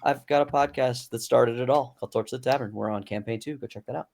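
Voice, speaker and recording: A man's voice: mid-range voice, quick pace, vocal fry, a little mellow. A man who runs tabletop games, plugging his shows in casual, emphatic, joking stream chat. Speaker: game master.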